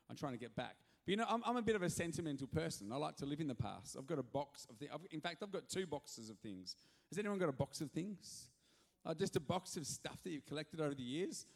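A male pastor giving an animated, joking sermon with sudden loud rises in a church hall. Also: fairly high pitch, gravelly. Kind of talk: energetic sermon.

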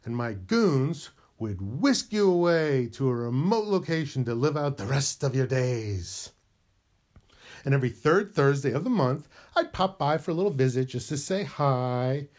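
A man's voice: mid-range voice, lively intonation, unhurried, darkish tone. A man hosting a podcast, rambling playfully through a rhyming self-help monologue. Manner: playful, rambling, sing-song rhymes. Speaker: podcast host.

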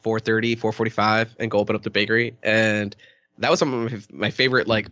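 A man with a bright, forceful voice riffing on a podcast, cursing freely and laughing easily. The audio is muffled and lo-fi. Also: on the low side, flat delivery, quick pace. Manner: profane, emphatic and laughing. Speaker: podcast co-host. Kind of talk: casual chat.

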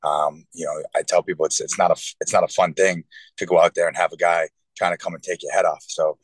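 A man's voice: low voice, level tone, quick pace, breathy edge, no room sound, poor audio. A man in his thirties, a professional football player, answering interview questions earnestly with lots of fillers. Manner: earnest, rambling with many fillers. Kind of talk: casual interview talk.

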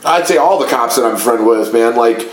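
A man's voice: mid-range voice, moderate pace. A man co-hosting a casual podcast, swearing a lot and telling stories in a heated way. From Chicago area. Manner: profane, heated storytelling. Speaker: podcast co-host. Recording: echoey room.

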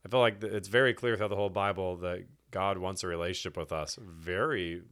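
A man's voice: deep voice, steady tone, quick pace, a bit bright. A young man from Texas, a church elder candidate, talking about faith in a rambling, casual way with many restarts. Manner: rambling, many restarts and fillers, laughs often. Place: indoor room with host.

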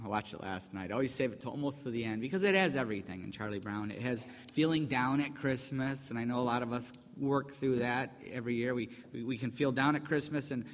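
A man preaching a relaxed, conversational sermon to a church congregation, joking and asking the room questions. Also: mid-range voice. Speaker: pastor. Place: church sanctuary. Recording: long hall reverb.

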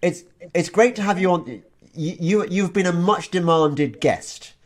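A man's voice: sits high, measured pace. A man hosting a podcast interview in a casual, chatty way, often repeating words as he restarts his sentences. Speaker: podcast host.

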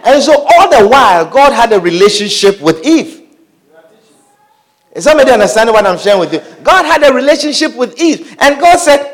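A man delivers a sermon in a high voice that leaps up and down through his phrases. He preaches with fervor, breaking in with hallelujahs and putting questions to the congregation. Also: brisk. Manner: animated preaching with calls of hallelujah and amen.

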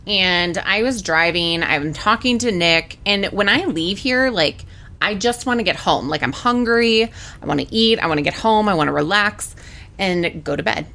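A young woman co-hosting a casual podcast, telling a long story. She talks at an even middle pitch and jumps up high whenever she acts out what she or someone else said. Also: moderate pace, gravelly. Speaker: podcast co-host.

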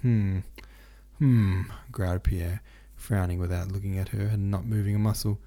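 A man's voice: sits low, level tone, brisk, warm tone. A man narrating a classic novel as an audiobook, reading steadily with occasional stumbles and restarts.

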